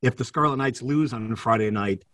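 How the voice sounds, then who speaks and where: A man's voice: medium pitch, normal speed, a bit bright, no room sound, recorded from a distance. A man hosting a casual sports podcast, quizzing his co-hosts and laughing often. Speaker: podcast host.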